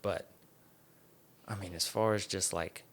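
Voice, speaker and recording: A man's voice: low voice, steady tone, unhurried. A young man hosting a podcast, chatting casually in a rambling, laid-back way with frequent swearing and laughter. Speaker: podcast host. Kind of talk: casual chat.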